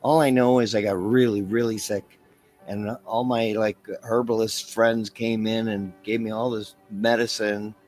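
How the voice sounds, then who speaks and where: A man's voice: on the low side, little pitch movement, a little slow, a little mellow, soft background music. A man from Canada hosting a podcast, easygoing and affirming in casual talk, his voice worn. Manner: easygoing, affirming, laughs often. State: voice worn, losing it. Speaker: podcast host.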